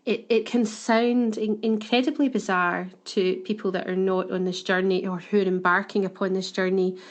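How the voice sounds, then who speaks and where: A woman's voice: mid-range voice, flat delivery, moderate pace. A woman co-hosting a podcast, speaking earnestly and thoughtfully in casual chat, often restarting her words. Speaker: podcast co-host.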